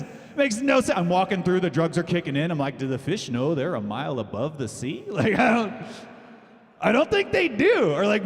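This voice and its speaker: Man, stand-up comedian, rambling, self-deprecating, animated pitch, long hall echo. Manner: rambling, self-deprecating, laughs between jokes. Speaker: stand-up comedian at open mic.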